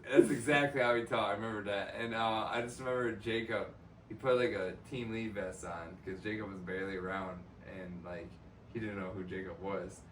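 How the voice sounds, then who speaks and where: A man's voice: fairly low pitch, steady tone, brisk. A young man co-hosting a podcast, rambling through work memories with lots of fillers in casual chat. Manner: loose rambling storyteller, many fillers. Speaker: podcast co-host. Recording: echoey room, distant mic, faint noise.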